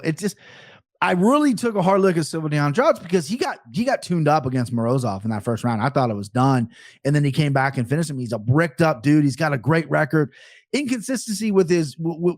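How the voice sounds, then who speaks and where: Fast-talking man giving fight picks. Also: fairly high pitch, no echo, studio quality. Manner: fast, talkative, self-mocking. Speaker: betting analyst guest. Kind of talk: podcast chat, fight picks.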